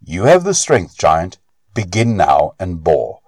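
Male reader doing commanding old god figure, deep, dry storybook read. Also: huge pitch swings, slow, darkish tone, no echo, full character voice. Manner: commanding, taunting. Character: calm majestic old male god in disguise.

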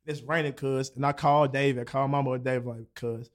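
A man's voice: medium pitch, brisk, very noisy. A young man, telling a story to friends in casual chat, acting out the voices of people in it and swearing freely. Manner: animated, acts out quoted dialogue, swears freely.

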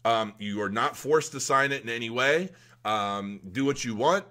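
A man hosting a casual crypto vlog, talking straight to his viewers in a rambling, excitable way with lots of fillers and restarts. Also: mid-range voice, moderate pace. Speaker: crypto video host.

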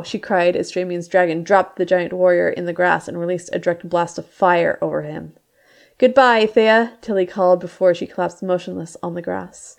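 Low, gravelly woman reading her novel. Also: darkish tone. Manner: measured first-person reading, raising her voice for cries. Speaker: author reading her book. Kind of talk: audiobook-style narration.

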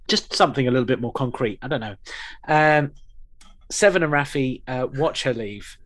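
A man's voice: medium pitch, moderate pace, a bit bright. A man co-hosting a podcast, chatting casually and wryly with lots of fillers. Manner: rambling, wry, with many fillers and restarts. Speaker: podcast co-host. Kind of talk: casual chat reviewing an episode.

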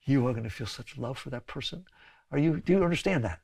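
A man's voice: medium pitch, animated, fast, gravelly, darkish tone, slightly rough. A man teaching a spiritual talk to an audience, conversational, often checking in with "right?" and "okay?" and laughing between points.

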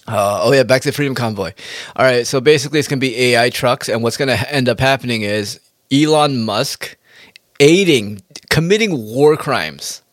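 Dude ranting into the mic, swears a ton, mid pitch, dead dry sound. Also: male voice, animated, moderate pace, no room sound. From United States. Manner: profane, heated, jumps between topics. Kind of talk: casual ranting monologue.

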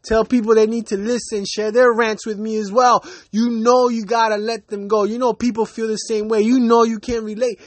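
A man's voice: sits high, level tone, normal speed, hardly any pauses, no room sound. A man hosting his own podcast, delivering a heated, profane rant in a casual way and laughing at himself now and then. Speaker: podcast host. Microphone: basic home setup, no fancy gear.

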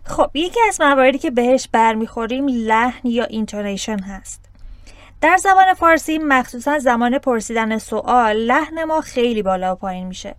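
A woman's voice: a little high, lively intonation, no room sound. A woman whose first language is Persian hosts a teaching podcast. She explains points in both Persian and English. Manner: explains slowly, switching between Persian and English.

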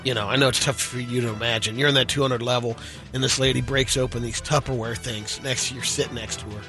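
A man's voice: medium pitch, fairly even intonation, fast talker, music in the background. A man co-hosting a talk show, chatting casually and dropping in dry, teasing asides. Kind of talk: casual chat.

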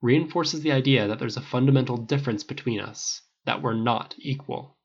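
Guy reading as a cocky sarcastic man, swears a lot, husky rough voice. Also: medium pitch, moderate pace, lo-fi sound. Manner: blunt, flippant and profane. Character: brash sarcastic man, quick and defensive.

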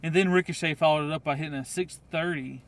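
A man's voice: on the high side, steady tone, fast talker. A man co-hosting a wrestling podcast, chatting casually and rambling with lots of ums and little laughs. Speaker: podcast co-host. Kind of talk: casual chat.

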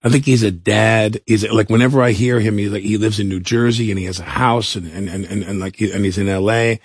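A man with a husky, low voice talks about acting as a guest on an interview show. He speaks animatedly, doubles back on his words and slips into voices. The sound is dry and close. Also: a little fast, dry recording. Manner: animated, repeats himself, acts out voices. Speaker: guest actor. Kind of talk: casual interview talk.

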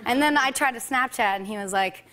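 A woman in her twenties, a guest on a talk show, chatting in a bubbly, excitable way. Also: a little high, quick pace. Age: 20s. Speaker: guest singer. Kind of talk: casual interview chat.

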